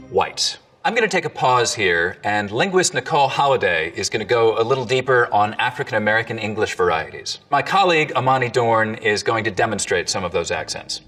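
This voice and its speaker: A man, a dialect coach, explaining accents in an educational video with clear, lively delivery. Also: mid-range voice, far from the mic.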